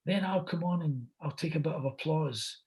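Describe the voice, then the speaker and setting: A man putting on the voice of a soft-spoken older American actor, halting and repeating himself. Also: fairly high pitch, pitched above the performer's own voice, close to an everyday voice. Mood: hesitant. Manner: quiet, halting, repeats words.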